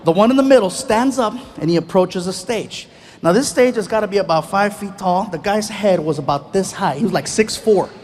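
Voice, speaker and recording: A middle-aged man telling a story on stage as a stand-up comedian, animated, acting out characters and laughing at his own jokes. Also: high voice, brisk, slight background noise. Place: stage in a theater. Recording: live show, faint crowd behind.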